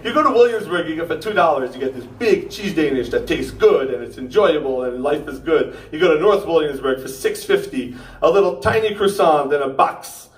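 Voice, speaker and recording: A young man performing a stand-up comedy set, ranting with punchy asides and tagging jokes with a quick "okay?". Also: fairly high pitch, slight background noise. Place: pop-up theater stage. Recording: roomy theater sound from far off.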